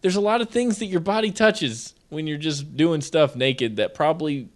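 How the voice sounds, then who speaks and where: A man's voice: a little high, normal speed. A man co-hosting a show, telling joking stories in casual chat. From United States. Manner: animated, joking storyteller. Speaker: podcast co-host.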